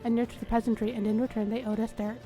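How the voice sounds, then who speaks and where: A woman host reading a story game's first-person narration aloud in a steady manner. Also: on the high side, racing.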